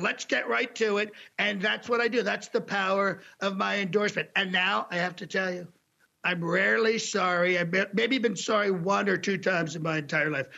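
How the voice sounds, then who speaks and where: A man's voice: high voice, creaky, bright, forceful tone, highs cut off, heavily acted. A man doing a comedic impression of a brash older male president who brags, rambles and hands out mocking nicknames. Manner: bragging, rambling, name-calling.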